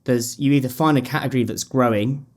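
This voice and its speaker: A man hosts the interview in a loose, casual way. His voice sits at a middling pitch. He jokes around and swears freely as he asks questions. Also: steady tone, quick pace. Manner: loose, swearing, jokey banter. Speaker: podcast host.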